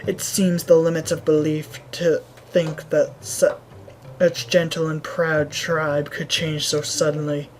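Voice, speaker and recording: A woman voicing a grave male village shaman in a video game, with a put-on Italian accent and slow, formal speech. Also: low voice, flat delivery, a little mellow, slight background noise, low-quality recording.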